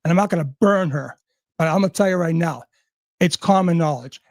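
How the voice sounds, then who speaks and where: Man, high voice, dry close sound, furious profane rant, sarcastic. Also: brisk, no echo.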